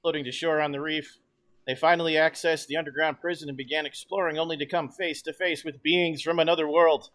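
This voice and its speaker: A man's voice: fairly high pitch, fairly even intonation, fast talker, a bit bright. A man hosting a tabletop horror game as its director, opening with theatrical spooky narration. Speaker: game master.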